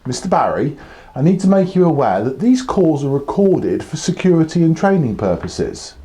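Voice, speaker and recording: A man's voice: a little high, very animated, normal speed, mellow, voice pushed up. A man voicing a polite but persistent male call-centre caller who speaks in a formal, clipped way. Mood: insistent.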